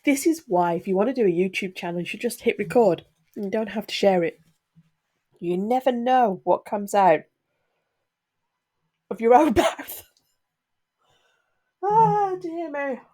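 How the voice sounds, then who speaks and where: A woman's voice: fairly high pitch, big pitch swings, measured pace, long pauses, warm tone. A middle-aged woman vlogging candidly to her viewers, earnest and getting emotional, a little sniffly. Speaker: YouTuber. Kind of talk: candid talk to camera.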